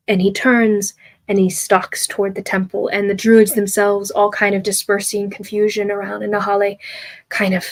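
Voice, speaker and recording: A woman game master narrating a tabletop game in a halting way, with many fillers and restarts. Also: mid-range voice, level tone.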